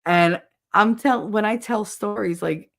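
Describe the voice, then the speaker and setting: A woman's voice: medium pitch, measured pace, vocal fry. A woman co-hosting a livestream, chatting casually and animatedly with viewers. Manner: animated, switches voices and laughs easily. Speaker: livestream co-host.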